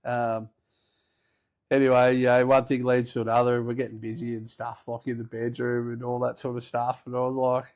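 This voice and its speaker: A man's voice: mid-range voice, completely flat delivery, brisk, darkish tone. A man with an Australian accent, hosting a podcast and telling a rambling, swear-filled story in a casual way, often breaking into laughter. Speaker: podcast host.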